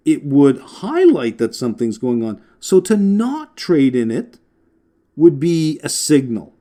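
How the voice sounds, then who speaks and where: Male lecturer, warm low-key tone, chatty explanations with filler words and dry humor. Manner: conversational, frequent filler words and restarts, wry asides. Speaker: finance instructor. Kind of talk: recorded lecture.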